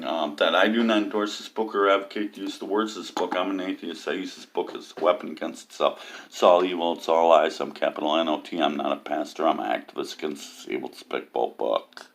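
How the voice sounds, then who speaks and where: Talking a little fast in a gravelly voice, a man who vlogs about atheism mocks religion in a rant to camera. Filler ums pile up, and he imitates people with high-pitched cries.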